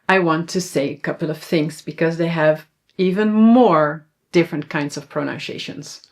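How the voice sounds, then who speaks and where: A woman with a Dutch accent teaching pronunciation, saying example words slowly and asking viewers to repeat after her. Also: lowish voice. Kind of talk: pronunciation lesson.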